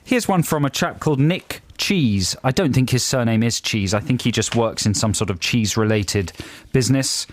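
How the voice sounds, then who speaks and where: A man's voice: medium pitch, moderate pace, hardly any pauses, dry recording. A man co-hosting a comic radio show, bantering playfully and reading out listener emails. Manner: playful, laughs often, banters. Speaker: radio co-host.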